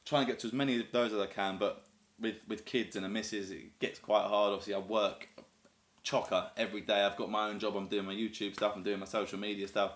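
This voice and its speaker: A man's voice: on the low side, flat delivery, fast talker, a bit bright. Casual vlogger: man in his thirties, southern English accent, enthusiastic and rambling, recorded in a roomy space. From North East England, raised in the south of England. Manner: chatty, rambling and enthusiastic, lots of fillers. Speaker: YouTuber. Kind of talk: casual chat to camera. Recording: echoey room.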